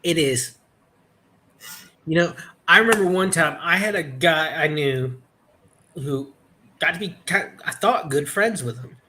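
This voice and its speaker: A man chatting casually on a podcast, telling stories in a halting way with many restarts and fillers. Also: a little high, animated, sharp tone, a little hiss or hum. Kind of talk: casual chat.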